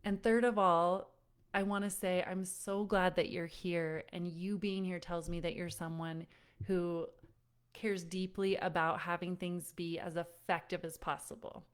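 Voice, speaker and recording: Speaking at an unhurried pace, this woman has a fairly low, smooth voice with little pitch movement. She's a parenting coach running a live online workshop, addressing listeners directly as friends and telling stories conversationally, with "like" coming up often.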